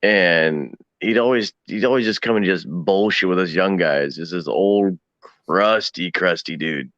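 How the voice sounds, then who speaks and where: A man's voice: low voice, a little slow, a bit bright, no room sound. Man, guest, casual chat, laid-back, profane stories, dull dry recording. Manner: laid-back, profane storyteller who acts out voices in his stories.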